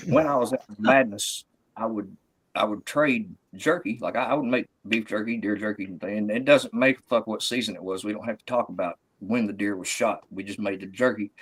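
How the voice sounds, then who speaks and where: Brief: male comic, husky voice, crude and profane, rambling delivery. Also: on the low side, rough recording. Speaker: comedian. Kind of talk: stand-up storytelling. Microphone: video call.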